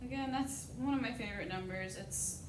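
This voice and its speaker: A woman giving a casual, enthusiastic presentation, peppered with frequent uhs. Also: brisk. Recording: echoey, distant mic, noisy rumble.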